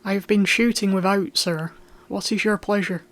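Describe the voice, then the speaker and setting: A reader voicing a calm, cool-headed young squire who speaks in a tranquil, measured way, in an audiobook. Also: mid-range voice, natural voice. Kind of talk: audiobook character voice.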